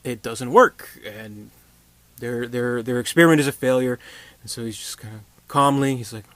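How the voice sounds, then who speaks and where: Casting: chatty male movie reviewer, mid-pitched, rambling delivery, dry close sound. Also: steady tone, moderate pace, a bit bright, dry recording. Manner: rambling, many fillers and restarts. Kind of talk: casual film review.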